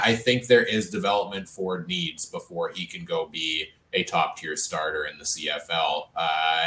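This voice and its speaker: A man's voice: low voice, pushed and bright, roomy sound. A man co-hosting a sports podcast, talking through football moves in long, analytical runs. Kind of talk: casual sports chat.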